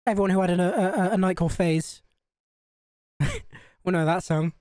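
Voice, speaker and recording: A woman's voice: lowish voice, normal speed, mellow, dry recording, studio quality. A woman with a Scouse accent streaming a game live, chatty and sweary, laughing at herself.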